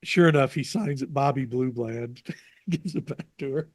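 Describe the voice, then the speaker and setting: A man being interviewed over a video call, telling lively anecdotes and acting out the people he quotes. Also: mid-range voice, normal speed, slightly rough, no room sound. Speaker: interview guest, jazz radio producer.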